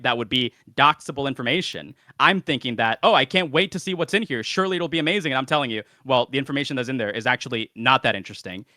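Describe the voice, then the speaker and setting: A man's voice: mid-range voice, sharp tone, no room sound. A man arguing over a call, insistent and repetitive, swearing as he pushes his point. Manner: fast, insistent, keeps repeating himself, swears a lot. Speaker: debater on a call. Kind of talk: heated argument.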